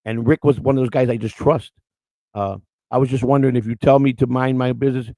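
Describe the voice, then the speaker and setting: A man's voice: mid-range voice, fairly even intonation, quick pace, mellow, no echo. A middle-aged man hosting a livestream, rambling through stories and chatting crudely and emotionally with his viewers. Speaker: livestream host. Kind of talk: casual chat with the live chat.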